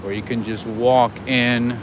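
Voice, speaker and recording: A man's voice: medium pitch, fairly even intonation, unhurried. A man from California hosting a live walking tour at night, chatting casually with his viewers and calling them friends. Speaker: livestream host. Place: outdoors on a city street at night. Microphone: handheld livestream setup with earphones. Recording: lo-fi street stream with loud traffic noise.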